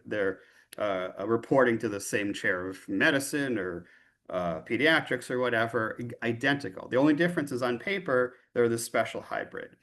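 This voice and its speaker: A man's voice: on the low side, fairly bright tone. Man lecturing chattily over a video call. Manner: loose and chatty, often checking in with a tag question. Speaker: physician union leader giving a lecture.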